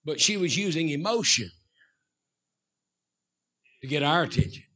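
A middle-aged man preaching a sermon as a Baptist preacher, swinging from shouted emphasis to low asides. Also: animated, measured pace.

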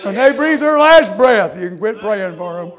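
A man preaching his testimony in a fervent sermon cadence, full of "uh" and "amen", moving between hushed confession and shouting. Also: high voice, animated, moderate pace.

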